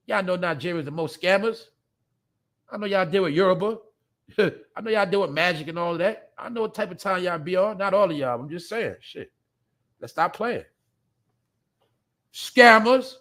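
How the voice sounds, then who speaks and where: A man's voice: sits high, fairly bright tone. A man hosting a live show, ranting bluntly and profanely in a rambling way, often laughing. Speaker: podcast host. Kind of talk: casual live-stream rant.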